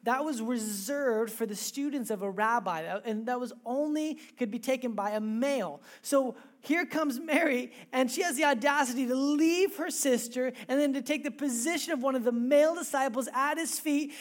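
Woman preacher, sermon delivered as casual animated storytelling, chatty asides. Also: high-pitched, moderate pace.

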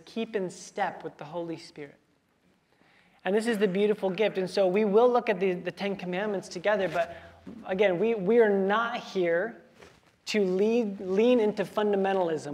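In a high-pitched voice, a man in his thirties preaches casually, peppering his sermon with filler words and playful quoted asides. He's a pastor.

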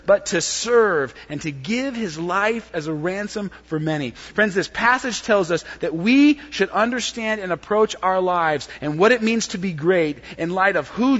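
A man preaching a sermon, swinging between loud, emphatic lines and hushed, soft ones. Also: high voice. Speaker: pastor. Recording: dull lo-fi sound with long hall reverb.

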